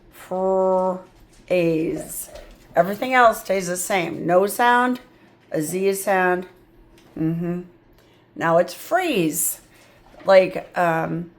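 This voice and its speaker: Slow, patient woman tutoring phonics. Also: mid-range voice. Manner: slow, patient, sounding out letters and words; chatty asides with frequent "yep" and "mm-hmm". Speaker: reading tutor. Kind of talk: phonics lesson.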